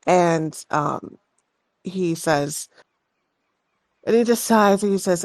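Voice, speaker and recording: A woman narrating as game master of a tabletop game, unhurried and halting with restarts. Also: lowish voice, no room sound.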